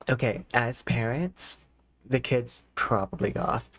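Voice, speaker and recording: A man's voice: medium pitch, slow pace, no room sound. A man with a lisp, talking in rambling, casual stream chat full of fillers as the host. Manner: rambling, filler-heavy, chatty.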